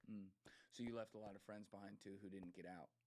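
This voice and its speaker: A man hosting an interview, asking gentle questions softly and letting his sentences trail off. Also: lowish voice, steady tone, fast. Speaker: podcast host. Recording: loud background noise with clicks.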